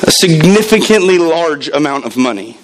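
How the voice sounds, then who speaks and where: A man preaching to a congregation, his pitch sitting a little above the usual for a man. He tells stories and jumps in and out of the voices of the people he quotes, his delivery lively and shifting. It sounds like a church service. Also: normal speed, slight background noise, poor audio. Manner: animated storytelling with acted quotes. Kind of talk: sermon.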